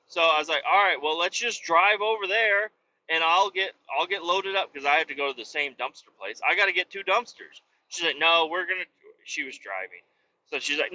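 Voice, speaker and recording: A man's voice: a little high, lively intonation, a little fast, sharp tone, muffled recording, slight background noise. A man casually retelling a work story on a podcast, swearing freely and acting out quoted dialogue. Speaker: podcast host.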